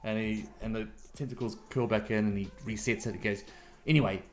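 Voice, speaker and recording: A man's voice: lowish voice, flat delivery, fast. A man narrating a tabletop game as game master, describing scenes in a loose, rambling way.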